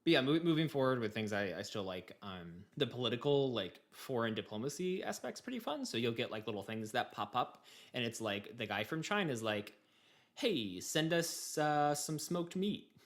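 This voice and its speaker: A man's voice: medium pitch, big pitch swings, brisk, few pauses. A man co-hosting a podcast in casual chat, rambling with fillers and laughing. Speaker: podcast co-host.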